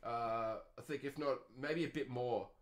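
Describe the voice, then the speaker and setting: A man's voice: medium pitch, a little slow. A man in his twenties with an Australian accent, hosting a podcast and ranting in a sardonic, profane way. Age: 20s. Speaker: podcast host. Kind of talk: casual podcast rant.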